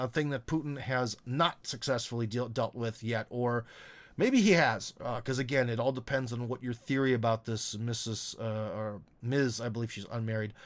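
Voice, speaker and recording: A man giving casual, rambling live commentary, chatty and full of fillers and asides. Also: mid-range voice. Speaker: commentator hosting a live talk. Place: lives in Russia.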